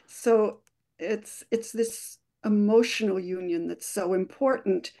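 A woman neuroscientist guest explaining love at first sight on a radio call-in show in a measured way. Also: medium pitch, mellow.

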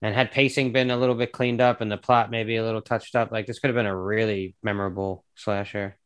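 A man's voice: on the low side, little pitch movement, a little fast, clean tone. A man co-hosting a podcast in casual chat, joking around and filling his talk with "like.". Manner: joking, filler-heavy. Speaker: podcast co-host.

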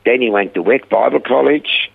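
A man's voice: mid-range voice, normal speed, vocal fry, slightly rough. An older man, a guest founder of a rehab centre, telling stories in an interview and acting out the voices in them. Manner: animated retelling with voiced quotes. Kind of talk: storytelling interview. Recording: tinny phone-line sound.

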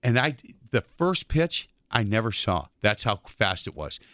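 A man, hosting a casual sports talk radio show and telling lively stories. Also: on the low side, a little slow, no echo, clean studio sound. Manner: chatty storyteller, acts out quotes.

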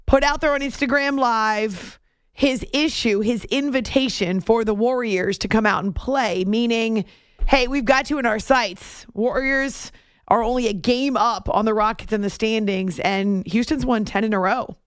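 A woman's voice: fairly high pitch, normal speed, smooth, dry recording, clean studio sound. A woman hosting a sports talk segment, chatty and wry, commenting on basketball news. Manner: chatty, wry, laughs between points.

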